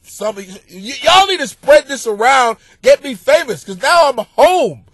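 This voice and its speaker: High-voiced ranting comic man, dry close mic. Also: no echo. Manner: crude, ranting, swings into yelling and laughter. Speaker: podcast host, comedian. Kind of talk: profane comedic monologue.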